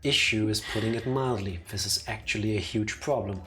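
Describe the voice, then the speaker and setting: A woman's voice: rumbling low, a little fast, a bit bright, faint music behind, voice pushed down. A woman voicing a slimy, greasy sleazeball of a man, putting on a clumsy New Jersey accent while reading game lines. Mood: sneering.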